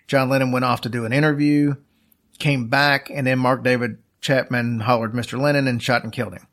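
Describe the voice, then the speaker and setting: A man's voice: mid-range voice, flat delivery, fairly quick, fairly bright tone. A man casually telling a long story as a podcast host, rambling with fillers and restarts.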